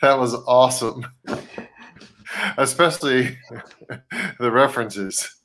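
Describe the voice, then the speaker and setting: A man's voice: medium pitch, takes it slowly, fairly bright tone, slight background noise. A man co-hosting a live podcast in casual chat, laid-back and joking, laughing often. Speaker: podcast co-host.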